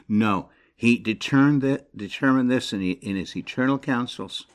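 A middle-aged man preaching a sermon. He reads scripture and builds to loud, high, emphatic passages, then drops low and quiet. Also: normal speed, hardly any pauses.

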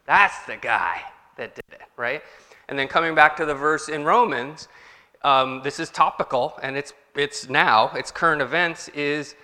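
Bright-voiced pastor in a reverberant hall. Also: male voice, fairly high pitch, a little slow. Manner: conversational, asks the congregation questions. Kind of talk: sermon. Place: church hall.

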